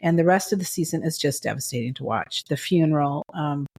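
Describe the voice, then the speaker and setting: A woman's voice: low-pitched, expressive, a little fast, vocal fry, a little mellow, breathy edge. A woman co-hosting a podcast, recapping a TV drama in casual chat with gushing, emotional enthusiasm. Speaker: podcast co-host.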